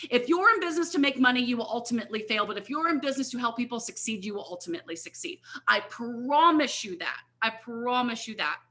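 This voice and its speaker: A woman's voice: on the high side, bright, forceful tone. A middle-aged woman giving an earnest motivational testimony on a coaching call, speaking emphatically and checking in with her listeners often. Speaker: network marketing leader sharing her story. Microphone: video call.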